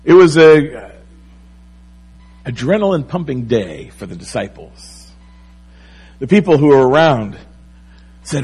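Pastor, male, husky voice, slow unhurried delivery, sermon with lively swings in emphasis. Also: medium pitch, poor audio. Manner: animated preaching, rising and falling emphasis.

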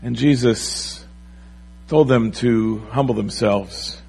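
Pastor, male, husky voice, slow unhurried delivery, sermon with lively swings in emphasis. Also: medium pitch, poor audio. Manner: animated preaching, rising and falling emphasis.

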